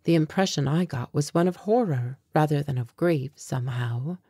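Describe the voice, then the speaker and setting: A woman reading an audiobook in measured, reflective first-person narration. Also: sits low, mellow, slightly rough, dry recording, clean studio sound.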